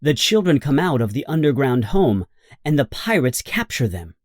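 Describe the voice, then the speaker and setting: A man reading a children's storybook aloud in a slow, simple, expressive narration. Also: mid-range voice, no echo, clean studio sound. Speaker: audiobook narrator.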